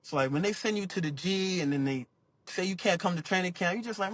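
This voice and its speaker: This young man has a fairly high pitch and speaks fairly quickly. Appearing on a podcast, the basketball player spins animated stories in easygoing slang during a casual interview, voicing the people he quotes.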